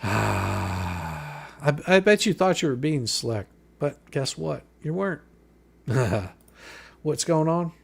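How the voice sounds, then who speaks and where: This man's mid-range voice is sing-song, slow, creaky and husky. On his live stream he reads out a legal filing and meets every point with profane, sarcastic mockery.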